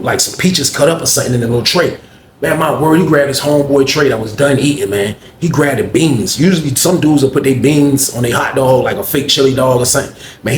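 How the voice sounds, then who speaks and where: A man's voice: medium pitch, slight background noise. A man casually telling a story to viewers in a slangy, rambling way, often addressing them as y'all. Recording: roomy echo, faint ambience.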